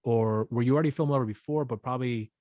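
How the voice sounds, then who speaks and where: A man's voice: mid-range voice, very fast, a little mellow, no room sound. A man hosting a casual interview podcast, asking long rambling questions with restarts. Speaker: podcast host.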